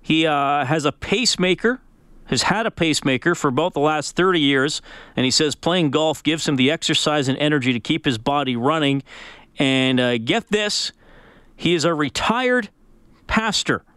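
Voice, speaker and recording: A man's voice: on the high side, lively intonation, moderate pace, a bit bright, clear, resonant tone, no room sound. A man hosting a sports radio show, talking casually and telling stories with plenty of fillers. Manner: casual, storytelling, many fillers.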